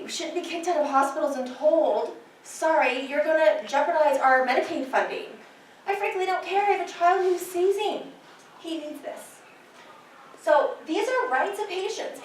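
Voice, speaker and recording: A high-pitched middle-aged woman, a nurse educator, addresses an audience of nurses with fervent, personal conviction. The audio is distant and very reverberant, coming from a big lecture hall, with a bit of background noise.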